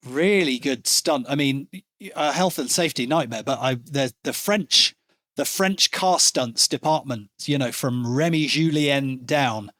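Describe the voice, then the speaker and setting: A man hosting a casual film podcast, animated and excitable, swearing now and then. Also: mid-range voice, measured pace, no echo, clean studio sound. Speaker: podcast host. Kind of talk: casual chat.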